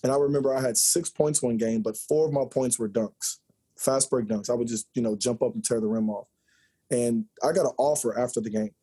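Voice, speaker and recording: A man in his forties tells stories from his playing days as a podcast guest, lively and joking. His voice is husky and mellow, never sharp. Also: mid-range voice, a little fast. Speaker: podcast guest, former college basketball player. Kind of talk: storytelling interview chat.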